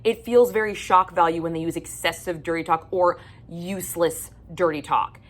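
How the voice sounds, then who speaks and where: A woman's voice: on the low side, steady tone, moderate pace. A woman book vlogger ranting bluntly and profanely about things that annoy her in romance novels, in a casual monologue.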